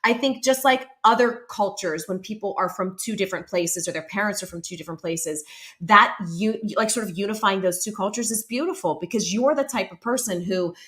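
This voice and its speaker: A woman's voice: mid-range voice, brisk, fairly bright tone. Earnest, supportive podcast host woman. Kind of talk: casual interview chat.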